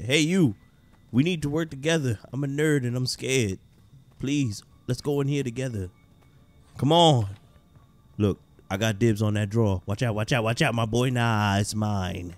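A man's voice: fairly low pitch, lightly acted. A man voicing a scared, preppy young man in a red sweater who brags about money and whines nervously in a horror game. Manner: whiny, nervous, boastful.

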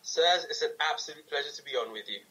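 A man's voice: a little high, slightly rough, poor audio. A man in his twenties from London with a London English accent, talking as a guest in a casual interview and telling stories with animation. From England. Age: 20s. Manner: animated storytelling, quick to laugh.

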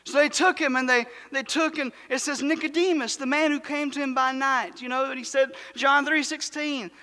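A man delivers an emphatic, fervent sermon in a very high, bright and forceful voice. His words ring out with a long reverb from the church sanctuary around him. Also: fairly even intonation, normal speed. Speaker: preacher.

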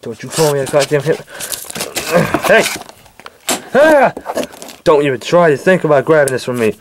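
A man acting out a home-made toy skit, bickering with himself in several voices, jumping between shouted yelps and low grumbles. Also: brisk, noisy background.

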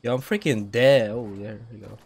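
A man streaming a video game, talking in slangy, profane casual chat that flares into loud rage. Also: fairly low pitch, normal speed, gravelly. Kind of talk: live gaming commentary.

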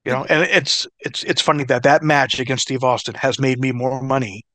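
Middle-aged man, ex-wrestler guest, loose and profane storyteller, mid-pitched voice, dry close sound. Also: a little fast, dry recording. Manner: profane, laughing, animated storyteller. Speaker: interview guest, former wrestler. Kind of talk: casual storytelling.

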